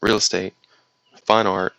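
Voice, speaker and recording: A man's voice: on the low side, level tone, unhurried, creaky, fairly bright tone, dry recording, rough recording. A man with a slight Southern US accent who hosts a casual stream, reading viewer comments aloud and rambling through his reactions. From United States. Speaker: livestream host reading chat. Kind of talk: casual chat.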